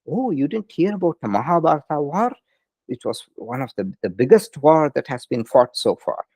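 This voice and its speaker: A man voicing a calm, patient divine male king who explains gently. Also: on the high side, moderate pace, no room sound. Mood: matter-of-fact. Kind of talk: storytelling in a lecture.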